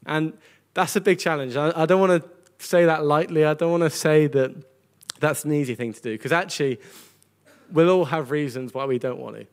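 A man with a higher-pitched voice speaks at a moderate pace, preaching a sermon to a congregation at a church gathering. His tone is earnest and conversational, and he often repeats words as he goes.

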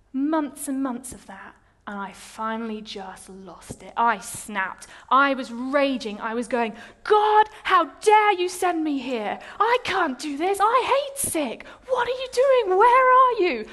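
A young adult woman giving a personal testimony in a sermon, telling her story in an animated, self-mocking way. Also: fairly high pitch.

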